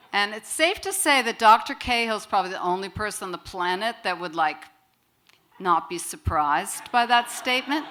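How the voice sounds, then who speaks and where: Bright-voiced woman telling a story. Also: on the low side. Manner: lively, wry, acts out quoted voices. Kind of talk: live personal storytelling to an audience.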